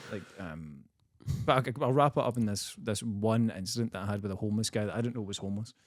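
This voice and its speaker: A man's voice: on the low side, quick pace, no echo, clean studio sound. A young man, a comedian guest, telling a story in casual podcast chat, laughing, swearing and acting out the people he quotes.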